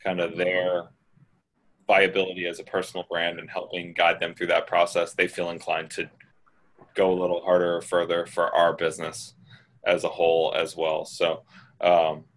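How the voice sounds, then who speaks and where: A man's voice: low voice, monotone, moderate pace, rough recording. A man hosting a group call, giving direct, blunt business advice in a casual way. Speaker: host answering questions.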